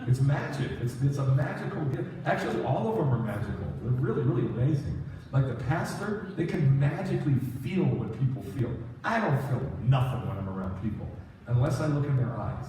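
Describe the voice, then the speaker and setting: A man giving a conversational sermon as a rabbi, self-deprecating and animated, telling stories with quoted asides. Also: mid-range voice, fairly quick. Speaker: rabbi teaching a congregation. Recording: echoey hall from far off.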